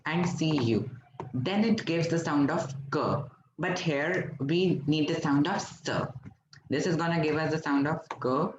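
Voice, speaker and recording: Guy from india teaching french online, slow and patient, quizzes the class, echoey dull lo-fi sound. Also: a little high, background noise. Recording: roomy, dull lo-fi recording.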